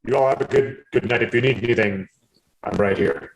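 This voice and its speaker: A man's voice: fairly low pitch, brisk, creaky, poor audio. A man voicing Trezek, a friendly big red male host who stumbles over his offers of help. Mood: polite. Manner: hesitant, fumbling hospitality.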